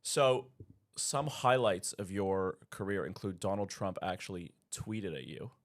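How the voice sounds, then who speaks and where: A man hosting a casual podcast, asking questions and teasing his guest in a relaxed way. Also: low voice, a little slow. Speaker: podcast host.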